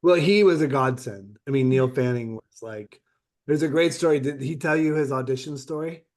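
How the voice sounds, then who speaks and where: A middle-aged man telling stories in a casual interview, acting out quotes with lively shifts. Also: medium pitch, normal speed. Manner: animated anecdote-telling with acted-out quotes. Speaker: interview guest, actor.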